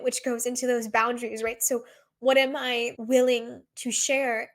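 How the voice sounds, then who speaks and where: A woman's voice: a little high, a bit bright. Young female podcast host with a raised voice, heartfelt and confessional, casual solo delivery. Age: 20s. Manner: earnest, confessional, says "like" often.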